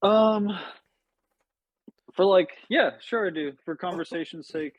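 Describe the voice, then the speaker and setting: A man's voice: sits high, takes it slowly, rough recording. A man talking loosely on a podcast, full of fillers and casual swearing. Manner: laid-back, swears freely, many fillers. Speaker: podcast guest. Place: podcast studio.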